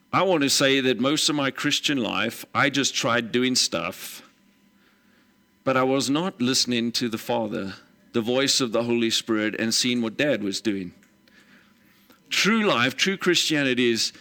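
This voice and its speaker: A male pastor preaching an emphatic sermon, retelling scripture scenes in a lively storytelling way. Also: mid-range voice, moderate pace.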